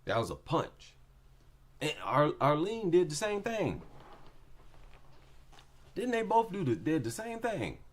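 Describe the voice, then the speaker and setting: A man casually breaking down fights in an unhurried, drawn-out delivery. His pitch swings up and down a lot as he gives his opinions. He repeats his main points to drive them home. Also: huge pitch swings. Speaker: MMA commentator.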